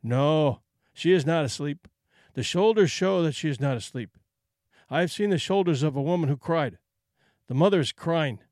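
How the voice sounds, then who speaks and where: Guy reading the part of a serious trail guide, short simple broken sentences, kinda high voice. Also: lively intonation, moderate pace, a little mellow, no room sound, studio quality, lightly acted. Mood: grave puzzlement. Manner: terse, simple broken phrasing. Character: grave, plain-spoken male wilderness guide.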